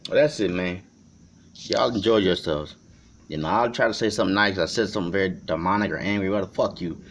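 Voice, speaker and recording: A man from Chicago talking to the camera in an unscripted vlog. He rambles and swears, swinging between shouting and quiet reflection. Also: sits low, fairly quick, a little hiss or hum. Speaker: vlogger. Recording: dull lo-fi recording.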